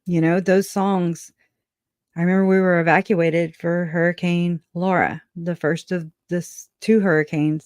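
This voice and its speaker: A speaker on a casual livestream who talks in a halting, reflective way, often restarting sentences and laughing softly. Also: medium pitch, no echo, clean studio sound.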